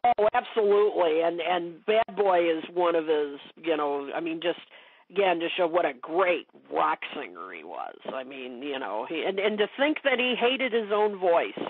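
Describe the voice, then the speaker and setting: Woman guest chatting on a phone-like line, breathy voice, lots of um and you know. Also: on the low side, sing-song, normal speed, dry recording. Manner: chatty, many fillers and restarts. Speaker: guest expert. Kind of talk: casual interview chat. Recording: dry phone-like call audio.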